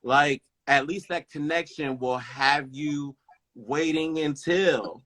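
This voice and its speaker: A man's voice: fairly high pitch, takes it slowly, crowd noise. Emphatic podcast co-host man. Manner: emphatic, frequent "you know what I mean". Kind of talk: casual chat.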